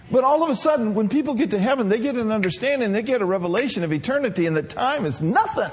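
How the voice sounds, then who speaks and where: Man, preacher, high-pitched, sermon, call-and-response. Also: expressive, fast talker, some chatter behind.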